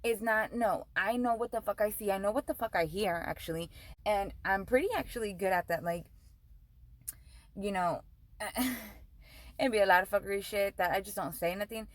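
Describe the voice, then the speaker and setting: A woman's voice: mid-range voice, moderate pace, dry recording, rough recording. A young woman vlogger telling a storytime rant, profane and heated, switching between English and Spanish.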